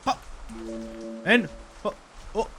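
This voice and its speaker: A man's voice: slow, bright, forceful tone, soft background music. A man doing crude, joking let's-play commentary while he plays. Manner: crude, joking, swears a lot. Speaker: gaming YouTuber.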